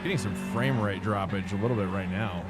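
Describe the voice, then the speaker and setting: A man with a fairly low voice chats casually while he sim races, loose and rambling, filling gaps with ums and quick laughs. Loud music plays behind him the whole time. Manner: rambling, filler-heavy, laughs often. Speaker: sim racing streamer. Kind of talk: casual live-stream chat while racing.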